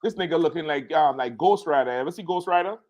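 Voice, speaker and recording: Animated man retelling a story. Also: a little high, fast, over a noisy crowd. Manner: animated storytelling, acting out quotes. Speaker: show host. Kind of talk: casual show commentary.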